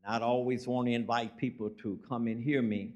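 A man's voice: mid-range voice, flat delivery, brisk, darkish tone, lo-fi sound. A man, preaching a sermon as a guest preacher, telling folksy stories and rising into emphatic preaching.

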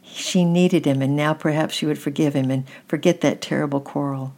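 A woman gently reading a children's story aloud at an unhurried pace. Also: deep voice, steady tone.

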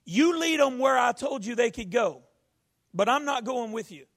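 A male pastor preaching a folksy sermon, rising to shouts. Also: very high-pitched, animated, moderate pace.

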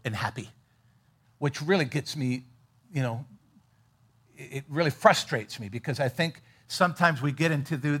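A middle-aged man preaching a sermon, earnest, moving between loud emphatic bursts and quiet, low asides. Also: husky. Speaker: pastor.

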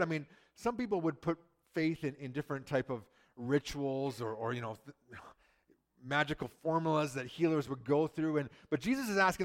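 Preaching at normal speed in a chatty style, this man has a high-leaning, fairly bright voice and an animated delivery. His sermon repeats words frequently as he performs the lines from the story he explains.

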